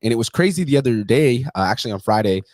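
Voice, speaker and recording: Fast-talking profane male podcast host. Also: medium pitch, lively intonation, darkish tone, dry recording, clean studio sound. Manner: profane, emphatic, storytelling. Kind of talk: casual interview chat.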